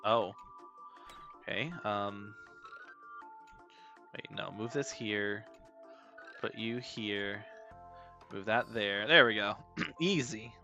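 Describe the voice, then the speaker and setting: A man's voice: on the low side, takes it slowly, long pauses, bright, forceful tone, faint music behind. A man streaming a game, rambling and joking in casual slang as he plays. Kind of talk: casual gameplay commentary.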